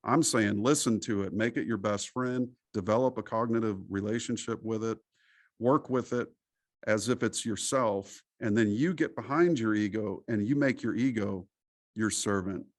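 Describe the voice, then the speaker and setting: A middle-aged man from the United States, a podcast interview guest, talking in an animated, preachy storytelling way. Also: on the low side, no room sound.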